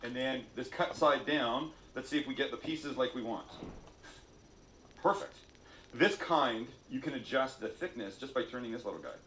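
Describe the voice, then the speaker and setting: A man's voice: medium pitch, expressive, moderate pace, fairly bright tone, reverberant, slight background noise. A man hosting a cooking video, chatty and jokey, poking fun at himself as he cooks. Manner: jokey, self-mocking, chatty. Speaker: cooking show host.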